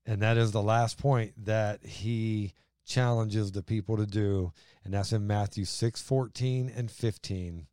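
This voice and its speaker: A man's voice: lowish voice, fairly even intonation, unhurried, warm tone, clear, resonant tone, no echo, studio quality. A man hosting a faith talk show, explaining Bible verses in a plainspoken, step-by-step way. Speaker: host and Bible teacher. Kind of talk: casual Bible teaching.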